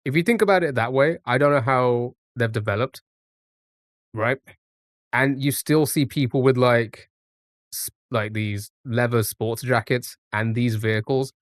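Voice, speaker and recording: A man's voice: medium pitch, unhurried, no room sound, clean studio sound. A man streaming a guessing game, thinking aloud in a rambling way full of restarts and fillers. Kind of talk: casual live-stream commentary.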